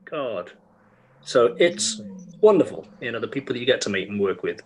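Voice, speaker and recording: An actor in a casual interview, telling stories with a lively voice and stammered restarts. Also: male voice, mid-range voice, moderate pace, a little hiss or hum, poor audio. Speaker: actor guest.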